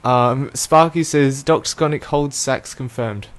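Hosting an online radio show, a young man chats casually at a measured pace in a mid-range voice. He laughs often and trips over his words while reading out chat comments.

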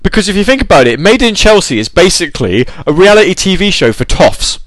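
A man's voice: sits high, very animated, fast, fairly bright tone, no echo. A man chatting casually, rambling and joking at his own expense. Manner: rambling, joking, self-deprecating. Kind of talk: casual chat.

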